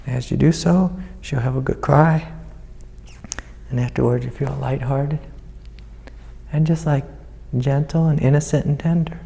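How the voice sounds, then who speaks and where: A man with a gravelly, mellow voice guides a student as a spiritual teacher. He speaks gently and soothingly, with a long reverb from the hall around him. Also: mid-range voice, steady tone, a little slow, long pauses. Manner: gentle, soothing, calls the listener sweetie. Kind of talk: satsang guidance to a student.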